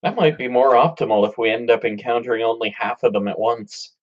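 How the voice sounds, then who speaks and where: Man, mid-pitched voice, joking, casual chat, muffled call audio. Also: brisk. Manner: joking, self-described smart aleck. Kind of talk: casual chat between game sessions. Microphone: video call mic.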